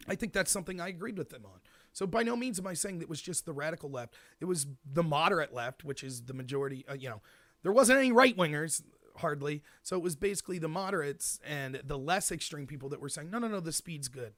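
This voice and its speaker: A man hosting his own show, delivering an animated commentary monologue full of mock quotes. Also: on the high side, quick pace, no echo. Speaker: host.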